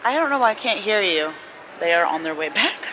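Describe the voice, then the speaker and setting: In a noisy airport terminal full of announcements and bustle, a young woman vlogs to camera. Her medium-pitched voice is animated, brisk, and sharp-toned as she chats casually, rambling and slangy.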